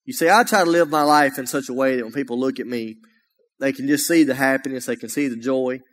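A man's voice: mid-range voice, fast talker, fairly bright tone. A man from Alabama with a Southern accent, preaching a folksy, humorous sermon as a guest speaker, often raising his voice. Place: church sanctuary. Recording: long church reverb.

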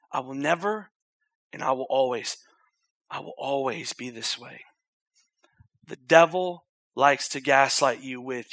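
A man's voice: mid-range voice, measured pace, long pauses, dry recording. Impassioned male preacher, dry close voice. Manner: swings from loud urgent repetition to hushed near-whispered intimacy. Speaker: pastor. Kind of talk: sermon.

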